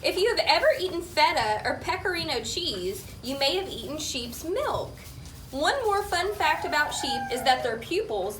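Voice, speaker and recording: A woman reading a Bible lesson about shepherds to children in a steady, informative way. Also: high voice, recorded from a distance. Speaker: Bible story teacher. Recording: set back from the mic, clear background noise.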